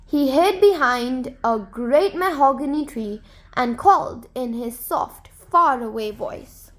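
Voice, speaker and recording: A woman narrating a folktale to children in a gentle, expressive storybook manner. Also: high voice, takes it slowly.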